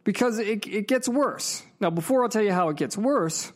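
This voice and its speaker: A man's voice: high-pitched, expressive, moderate pace. A man in a casual, profane storytelling rant, emphatic and heated, with frequent asides to the viewer. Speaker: vlogger.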